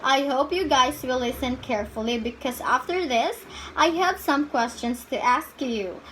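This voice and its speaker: A woman teacher giving slow, deliberate instructions to her students in a classroom lesson. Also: high-pitched, a bit bright, poor audio. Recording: faint background noise.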